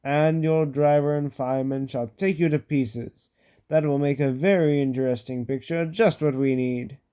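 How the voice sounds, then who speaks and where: A man voicing a stern but kind railway boss in a storybook reading, brisk and authoritative. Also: fairly high pitch, steady tone, mellow, clear, resonant tone, lightly acted. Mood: firm.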